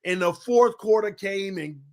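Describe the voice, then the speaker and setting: Animated high-pitched man ranting about football. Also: a little slow. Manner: animated, swings between shouting and laughing. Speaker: sports channel host. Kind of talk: casual fan commentary livestream.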